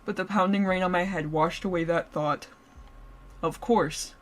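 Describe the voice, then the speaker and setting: A woman's voice: lowish voice, fairly even intonation, a little slow. A woman streamer reading a story aloud, laughing and breaking off to joke with her viewers. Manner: playful, giggly, breaks off to joke with chat. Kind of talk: story reading with live reactions.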